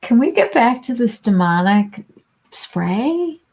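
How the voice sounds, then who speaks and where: This woman speaks slowly in a higher, sing-song voice with a darkish tone. Hosting an informal beauty livestream, she responds to viewers' comments by name, full of fillers and restarts.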